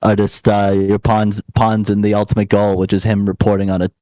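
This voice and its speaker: A young man with a low, mellow voice chats in a laid-back way, padding his sentences with "like" and trailing clauses. His voice is close and dry on a studio mic. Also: completely flat delivery, fairly quick, dry recording, low-quality recording. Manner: rambling, filler-heavy, laid-back. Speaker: podcast co-host. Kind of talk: casual podcast chat.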